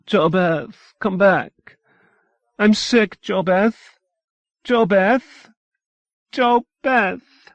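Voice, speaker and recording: A man's voice: mid-range voice, measured pace, a little mellow, dry recording, pitched above the performer's own voice, natural voice. Guy voicing a scared religious old mom, pleading, dull dry tape audio. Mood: desperate. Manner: pleading and demanding. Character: frantic, pious mother, older woman, fearful.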